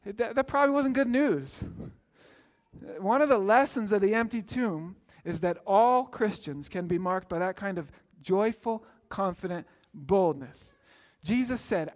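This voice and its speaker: A pastor with a notably high voice delivers a sermon a little slowly, telling stories plainly before rising into earnest, emphatic exclamations calling out to his listeners.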